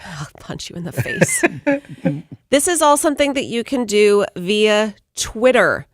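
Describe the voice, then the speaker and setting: A woman co-hosting a morning radio show, reading news items briskly and joking with the hosts. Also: medium pitch, wildly swooping pitch, dry recording, studio quality. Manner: brisk, reads headlines then jokes.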